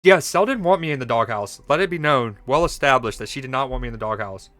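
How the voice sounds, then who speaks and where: A man's voice: mid-range voice, animated, fast, a bit bright, no echo. A young man streaming a mobile game, chatting casually and joking with his viewers as he plays. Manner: playful, jokey, reads chat aloud. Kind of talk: casual gaming stream chat.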